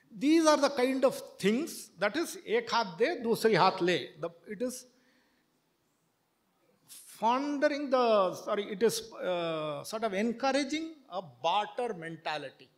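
A man giving a sermon, chanting verses and then explaining them at length, often halting with fillers and restarts. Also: sits high. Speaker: preacher.

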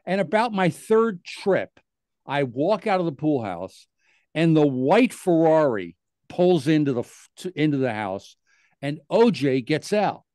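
Animated older man telling a story. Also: on the high side, unhurried, no echo. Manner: animated storyteller, acts out quotes. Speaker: podcast host. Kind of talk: casual storytelling chat.

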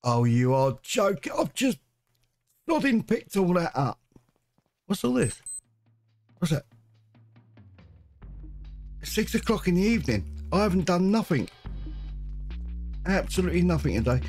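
A man keeps up a chatty, joking stream of commentary while he plays a game, often muttering to himself. His voice sits a little high for a man. Game music plays clearly underneath. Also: sing-song, measured pace, pauses often, darkish tone. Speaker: gaming channel host. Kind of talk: let's play commentary.

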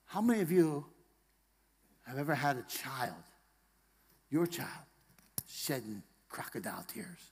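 A male pastor preaching a sermon in a church, moving between hushed, tender passages and loud, emphatic rallying lines, joking with the congregation and asking them questions. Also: medium pitch, big pitch swings, unhurried, gravelly, pauses often, breathy edge, in a large hall. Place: church sanctuary.

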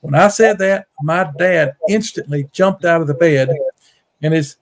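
A man's voice: fairly high pitch, a little slow. A middle-aged man, telling a story at home in a casual, folksy way, often repeating words and raising his voice for the quotes. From Mississippi. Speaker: guest storyteller, Bigfoot researcher. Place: home on a rural farm.

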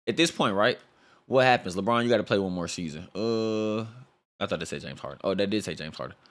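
A young man with a fairly low voice talks casually through a basketball sim game. He uses a lot of slang and reacts loudly, swinging between excitement and disbelief at each result. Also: brisk. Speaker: gaming YouTuber. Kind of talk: casual gameplay commentary.

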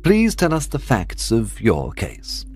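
A man's voice: medium pitch, wildly swooping pitch, slow pace, darkish tone, slightly rough, faint music behind, pitched above the performer's own voice, heavily acted. A man voicing a brilliant detective in a storybook reading, confident, explaining with assurance and some impatience.

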